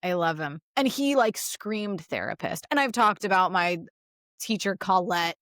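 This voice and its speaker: A woman therapist co-hosting a podcast in casual chat, telling stories in an animated, expressive way and acting out quotes. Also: medium pitch, a little slow, no echo, clean studio sound. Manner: animated, expressive storyteller who acts out quotes.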